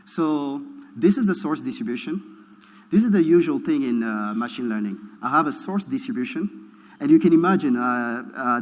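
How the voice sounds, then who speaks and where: A man delivers an academic keynote in a large hall, his voice trailing a long reverb. He explains step by step and keeps repeating himself until everything is clear, dotting his speech with "uh" and "right?". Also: medium pitch. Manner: explains slowly, repeats points, frequent uh and right?. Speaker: keynote speaker. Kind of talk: academic lecture.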